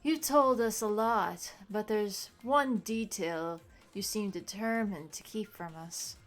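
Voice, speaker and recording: Brief: woman reading a determined young male student, firm and demanding, mid-pitched, soft game music behind. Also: slow, lightly acted.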